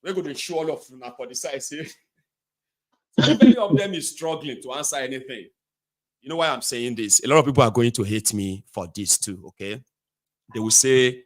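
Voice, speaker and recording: A man's voice: mid-range voice, a little fast. A man with a Nigerian accent hosting a casual call-in talk show, talking animatedly and dropping into Pidgin asides. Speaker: show host. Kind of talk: casual chat.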